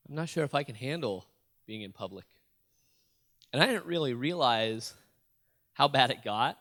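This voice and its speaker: A man's voice: mid-range voice, a bit bright. A man giving a motivational talk to a school audience, telling a personal story with jokes and questions to the crowd. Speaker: motivational youth speaker. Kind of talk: storytelling keynote speech. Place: school auditorium.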